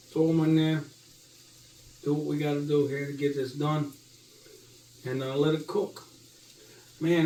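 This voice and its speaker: Slightly high man, loose profane cooking chatter, echoey kitchen, mic far off. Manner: loose, joking and profane, talks to viewers. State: eyes watering from onions. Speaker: home cooking show host. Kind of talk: casual cooking chat. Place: home kitchen.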